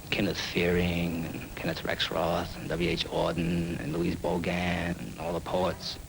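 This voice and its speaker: A man's voice: sits low, monotone, a little slow, vocal fry, a crowd in the background, low-quality recording. A man narrating a film in improvised spoken word, rhythmic and free-associating.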